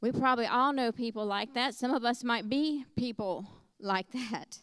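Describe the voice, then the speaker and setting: A middle-aged woman delivers a conversational sermon, slipping easily into storytelling. Her voice sits a little high and sounds smooth and clear. The sound is dry, with almost no room echo. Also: normal speed, a bit bright. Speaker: preacher.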